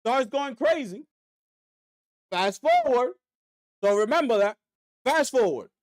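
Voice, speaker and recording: Animated man ranting on a stream. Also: very high voice, slow pace. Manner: animated, rhetorical, drops into mocking voices. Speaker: gaming streamer. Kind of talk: live-stream commentary rant.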